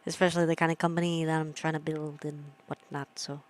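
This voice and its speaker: Talking fast in a low, level, slightly mellow voice, a young woman streamer chats casually with her audience. She wanders from topic to topic, addresses chat, and laughs at her own jokes.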